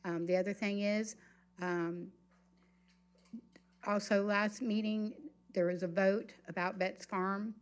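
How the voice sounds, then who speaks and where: A woman giving a public comment at a county meeting, pausing often with ums and uhs. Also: medium pitch, steady tone, clear, resonant tone. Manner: hesitant, many ums and uhs.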